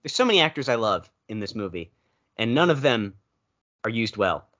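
Co-host, casual movie chat, animated and rambling, lively pitch, lo-fi podcast sound. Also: normal speed. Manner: rambling, animated storytelling with playful quoted asides.

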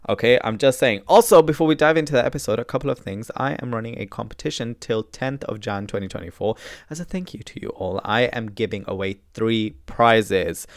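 A man hosting his podcast, chatty and animated, swinging from loud bursts to quiet asides. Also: mid-range voice, brisk, no echo, clean studio sound. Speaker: podcast host. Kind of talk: solo podcast intro.

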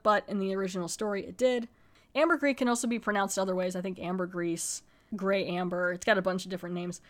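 A young woman hosting a podcast, casually recapping a TV episode in a rambling, chatty way full of fillers and laughs. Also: medium pitch. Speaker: podcast host reviewing TV episodes. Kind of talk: casual chat recapping a show.

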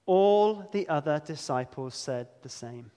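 Emphatic high-voiced male preacher. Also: animated, mellow, clear, resonant tone, big-room sound. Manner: earnest, emphatic, slows down on key words. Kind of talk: sermon.

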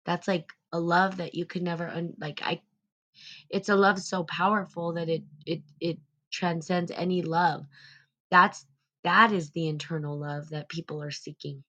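A woman hosting a live stream, talking casually about self-love in a gentle, rambling way. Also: fairly low pitch, fairly even intonation, measured pace. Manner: rambling, gentle, many "like" fillers. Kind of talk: casual spiritual self-help talk.

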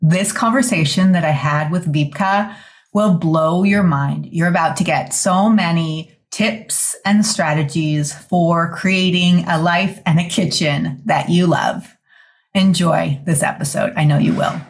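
A woman hosting a podcast, introducing her guest with enthusiastic, effusive warmth. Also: lowish voice, slow. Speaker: podcast host.

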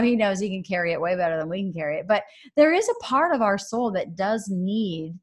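A woman's voice: medium pitch, brisk, hardly any pauses. Chatty woman telling a faith story. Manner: chatty, animated storytelling with many fillers. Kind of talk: casual faith chat.

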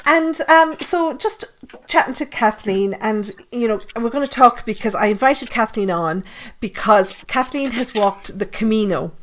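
A woman's voice: on the high side, fairly bright tone, slight background noise. Chatty Irish woman hosting a podcast. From Ireland. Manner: chatty, jokey, laughs easily. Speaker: podcast host. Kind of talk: casual interview chat.

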